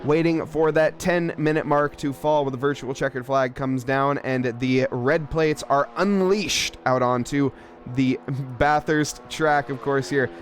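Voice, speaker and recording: A man's voice: medium pitch, steady tone, measured pace, soft background music. A man giving live play-by-play for a sim racing stream, joking and bantering with chat between race updates.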